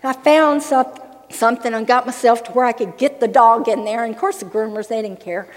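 An older woman preaching a sermon through a funny personal story, with lively laughs along the way. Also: on the high side, fairly quick. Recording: long hall reverb.

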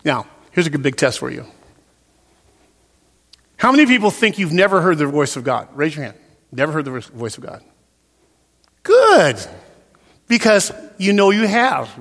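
A man preaching a sermon as a pastor in a church, swinging from loud, emphatic peaks down to soft, quiet passages. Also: on the high side, big pitch swings, normal speed, pauses often, in a large hall. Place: church sanctuary.

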